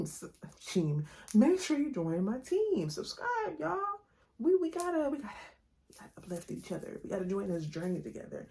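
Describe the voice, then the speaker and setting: A young woman vlogger chatting through a storytime, her voice sitting low and often slipping into a gravelly fry. She talks in a slangy, animated way, straight to her viewers. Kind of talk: casual storytime chat.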